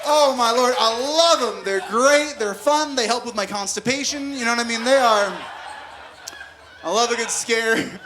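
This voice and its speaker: A man's voice: very high voice, moderate pace, sharp tone, a little hiss or hum. A young adult man from the United States doing a conversational stand-up comedy set at a live venue, laughing at his own jokes.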